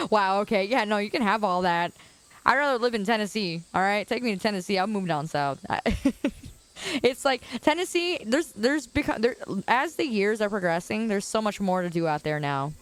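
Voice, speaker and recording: Her voice lowish and smooth, a young woman from around Chicago chats with viewers on a livestream from a quiet suburban curb, frequently laughing and responding to comments.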